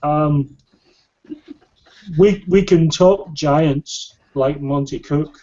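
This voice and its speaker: A man with a fairly high voice speaks slowly in casual chat, tripping over and repeating his first words. The sound is dull and lo-fi. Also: mellow. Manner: halting, repeats words before getting going. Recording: dull lo-fi podcast audio.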